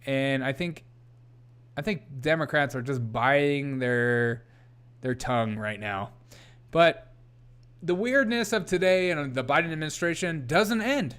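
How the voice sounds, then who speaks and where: A man's voice: a little high, animated, unhurried, fairly bright tone, clear, resonant tone. A man hosting a casual commentary show, mocking the clips he plays and laughing often.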